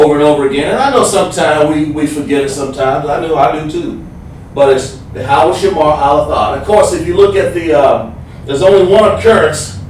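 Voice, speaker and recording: A man teaching a livestreamed class, explaining slowly, repeating himself and sounding out letters. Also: on the high side, distant mic. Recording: echoey room, voice from off the mic, faint noise.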